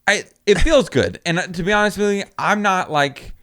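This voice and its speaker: A young man in a casual podcast chat, with a smooth, resonant voice. He talks earnestly and carefully, pausing and restarting as he gathers his thoughts. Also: sits high, pushed and bright. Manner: earnest, hesitant, many fillers and restarts. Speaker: podcast co-host.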